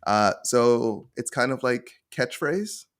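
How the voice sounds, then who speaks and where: A man's voice: medium pitch, expressive, takes it slowly, a bit bright, smooth. A man hosting a casual gaming podcast, explaining game rules step by step and checking in with his co-hosts. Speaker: podcast host.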